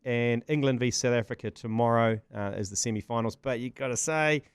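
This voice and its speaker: A New man hosting a sports podcast, chatting excitably with colorful slang and frequent laughs. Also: medium pitch, a little fast, smooth, dry recording, clean studio sound. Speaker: podcast host. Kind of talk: casual sports banter.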